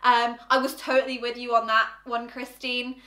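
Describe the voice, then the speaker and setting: A young woman in her twenties hosts a casual YouTube reaction vlog from a room at home, chatting to the camera in a bubbly way and saying "like" a lot. Her voice sits a little high, and her tone is bright and forceful, though her delivery stays flat at a moderate pace. The room is roomy and echoey.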